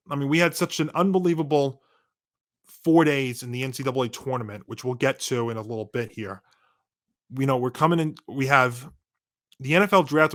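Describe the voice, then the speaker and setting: A man co-hosting a sports podcast, ranting in a casual, animated way with frequent restarts, his voice going hoarse. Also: mid-range voice. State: losing his voice. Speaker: podcast co-host.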